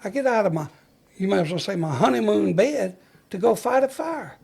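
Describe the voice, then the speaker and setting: A man's voice: high-pitched, expressive, brisk, vocal fry, darkish tone, husky. An older man, a retired fire chief, telling stories in an interview in a folksy way and acting out the voices of the people he recalls. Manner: folksy storyteller who acts out the dialogue he recalls. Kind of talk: storytelling interview.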